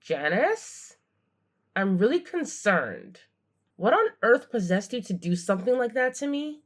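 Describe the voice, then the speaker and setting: A woman's voice: on the high side, big pitch swings, a little slow. Woman playing a shaken, bewildered young bride. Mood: distressed. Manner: distressed, bewildered.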